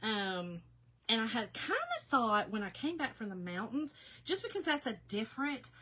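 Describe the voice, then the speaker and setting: Woman, 50s, a bit hoarse, bright voice, chatty live-stream crafter. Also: on the high side, very animated, moderate pace. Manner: chatty, talks to viewers by name, laughs often. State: slightly hoarse, recovering. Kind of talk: casual live-stream chat while crafting.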